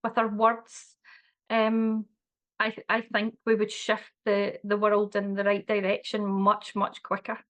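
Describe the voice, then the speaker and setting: A woman's voice: mid-range voice, completely flat delivery, unhurried, a bit bright. A woman, talking in a casual conversation in an earnest way with many fillers and restarts. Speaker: wellbeing guest.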